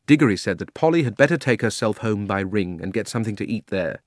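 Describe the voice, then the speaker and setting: A man narrating a children's audiobook with measured storytelling. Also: fairly low pitch, expressive, dry recording, clean studio sound. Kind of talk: scripted narration.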